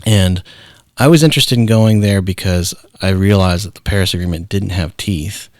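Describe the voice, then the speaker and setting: A man's voice: sits low, moderate pace, no echo, studio quality. A middle-aged man, a founder and artist, telling stories as a guest in a casual interview and acting out the people he quotes. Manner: animated storyteller acting out quoted voices.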